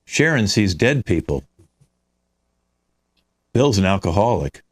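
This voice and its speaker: Man introducing improv passengers, lively pitch. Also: slow, slightly rough. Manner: announces each passenger and their quirk. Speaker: improv host playing ride driver. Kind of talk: live improv comedy scene.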